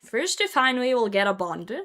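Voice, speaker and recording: Young woman streamer, bright voice, chatty, laughs a lot, casual live stream talk. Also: fairly high pitch, sing-song, normal speed. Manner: chatty, laughs often, talks to chat. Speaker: livestreamer hosting a hide-and-seek game.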